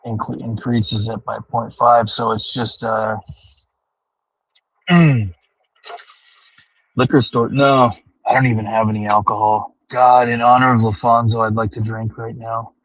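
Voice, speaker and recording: A man livestreams from his car while driving home, rambling and ranting to his chat with heavy profanity, thinking out loud. His mid-range voice barely moves in pitch and has a fairly bright tone, and he speaks unhurriedly with frequent pauses. The recording is rough.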